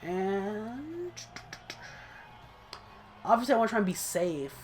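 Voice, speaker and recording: A man's voice: sits high, very animated, takes it slowly, slight background noise. A man casually commenting on his own football video game match, chatty and self-critical, breaking into short laughs. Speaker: gaming channel host.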